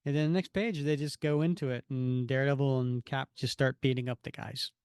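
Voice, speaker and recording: A man co-hosting a podcast, giving a rambling, animated recap of a comic with lots of fillers. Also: medium pitch, brisk, clean tone, no echo, clean studio sound. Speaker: podcast co-host. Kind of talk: casual comic-book chat.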